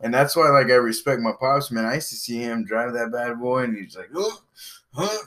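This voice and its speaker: A man with an ordinary mid-pitched voice, talking in a relaxed, laid-back way. He chats casually and often says "man" and "dude". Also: brisk. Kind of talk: casual chat.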